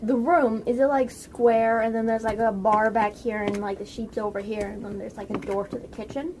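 A woman with a slightly high voice works through her plan slowly, full of small pauses and "like"s. A faint hiss of noise sits behind her. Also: steady tone. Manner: thinks out loud, hesitant and careful. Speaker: player. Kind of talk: casual tabletop game chat.

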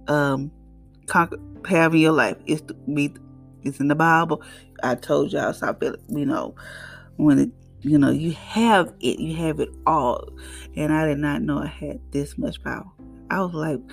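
A woman's voice: sits low, gravelly, darkish tone. A middle-aged woman hosting a devotional podcast, talking in a casual, preachy, conversational way. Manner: conversational, preachy, African American Vernacular English phrasing.

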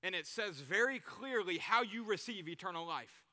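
Man, pastor, high bright voice, easy preaching style, hall echo. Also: expressive, moderate pace. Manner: conversational preaching with vivid examples. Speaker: youth pastor. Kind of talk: sermon. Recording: reverberant hall.

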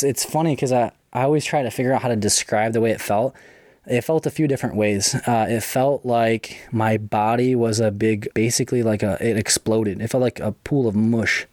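A young man casually telling his own story, profane and chatty, with quick asides. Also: mid-range voice, fairly even intonation, a little mellow, no room sound, clean studio sound.

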